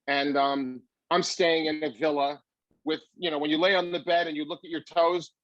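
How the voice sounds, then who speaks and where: A comedian as a guest, telling a long story with animated delivery. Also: male voice, fairly high pitch, normal speed, no room sound, muffled recording.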